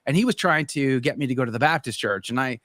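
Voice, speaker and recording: A man's voice: medium pitch, fast talker, no echo, studio quality. Man telling his story animatedly. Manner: animated storyteller, acts out his own past thoughts. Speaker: guest. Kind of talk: conversion story told in casual conversation.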